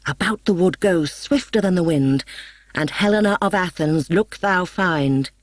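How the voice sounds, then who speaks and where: A woman's voice: on the low side, dry recording. A woman playing a stern fairy king. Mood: vexed. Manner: slow, commanding, deliberate. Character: stern male fairy king, commanding and vexed.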